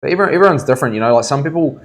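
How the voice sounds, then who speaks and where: A man's voice: mid-range voice, lively intonation, racing. A young man, a tattoo artist chatting casually on a stream and telling rambling stories full of slang. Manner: laid-back, rambling storyteller full of "like", "bro" and "eh". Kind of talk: casual chat.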